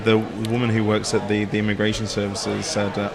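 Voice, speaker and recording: A man's voice: on the low side, completely flat delivery, brisk, gravelly, crowd noise. A man from England with a northern English accent, chatting as a guest and joking a lot. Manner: joking, laughs often. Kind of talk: casual chat.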